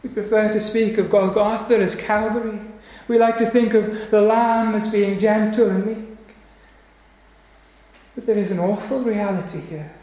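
Man, preacher, high voice, solemn and emphatic sermon, booming room echo. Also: steady tone, mellow. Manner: solemn, emphatic, slows for weight. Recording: very echoey church hall.

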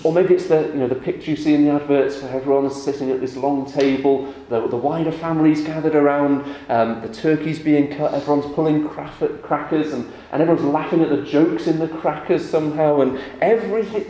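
A man leading a church service, praying and then giving a lively children's talk with questions. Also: on the high side. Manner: animated with children, rising and warm questions. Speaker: pastor. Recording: echoey church room with faint ambience.

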